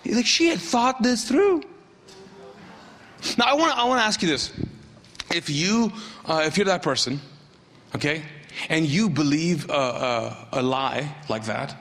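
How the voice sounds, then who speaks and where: A middle-aged male pastor preaching a sermon, telling a story with lively asides and acted quotes. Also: a little high, a little slow, pauses often, long reverb tail, slight background noise.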